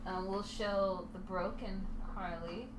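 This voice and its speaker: A woman's voice: medium pitch, steady tone, takes it slowly. A woman co-hosting a podcast in casual chat, playful and teasing and laughing often. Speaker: podcast co-host. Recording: echoey room with clear background noise.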